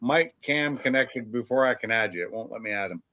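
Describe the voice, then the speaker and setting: A man's voice: mid-range voice, animated, brisk, bright, forceful tone, dry recording, poor audio. A man hosting a live stream, welcoming viewers and chatting casually. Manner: friendly, welcoming callers.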